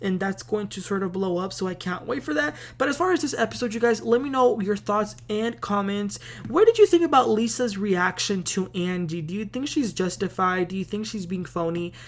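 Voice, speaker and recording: A woman's voice: medium pitch, a little fast, few pauses. A woman hosting a casual TV recap, chatty and opinionated, with plenty of filler words. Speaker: host.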